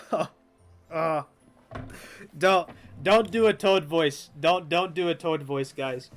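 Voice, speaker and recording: A man streaming a game, chatting casually and rambling with stammers, jokes at his own expense and frequent swearing. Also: fairly high pitch. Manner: rambling, stammering, self-mocking, swears freely. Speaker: gaming streamer. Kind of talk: casual gameplay commentary.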